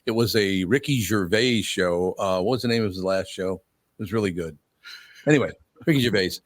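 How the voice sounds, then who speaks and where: Low-voiced older male radio host. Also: brisk, no room sound. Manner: storytelling, blunt, laughs easily. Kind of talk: casual radio talk.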